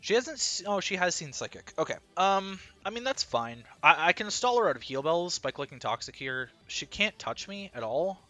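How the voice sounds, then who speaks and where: A man's voice: sits high, very animated, moderate pace, hardly any pauses, bright, forceful tone. A man commentating his own competitive battle live, thinking aloud analytically with bursts of disbelief.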